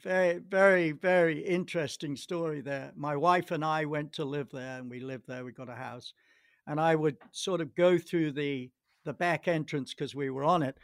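A golf pro guest in an interview shares lengthy anecdotes, hesitating and restarting often. His voice runs on the high side with fairly even intonation and normal speed, recorded in studio quality with no echo.

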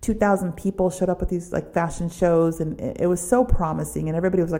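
A middle-aged woman from Southern California hosting a podcast, telling a personal story in an animated, chatty way and saying "like" a lot. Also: fairly low pitch, fast. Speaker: podcast host.

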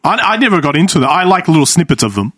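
A man's voice: on the high side, very animated, rapid-fire, a bit bright, husky. A man chiming in with short, playful remarks in a casual chat.

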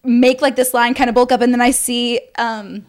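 High-voiced young woman telling a story excitedly. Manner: excited, fast storytelling with many fillers. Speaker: podcast co-host. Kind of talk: casual chat.

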